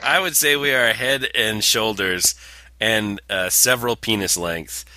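A podcast co-host with a voice on the low side talks at a measured pace against a noisy background. In casual comedic chat he's sarcastic and profane, and he reads quotes aloud.

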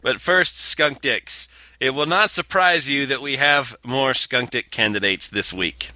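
Bright-voiced sarcastic podcast man. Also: mid-range voice, measured pace. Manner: sarcastic, profane, reads quotes aloud. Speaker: podcast co-host. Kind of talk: casual comedic chat.

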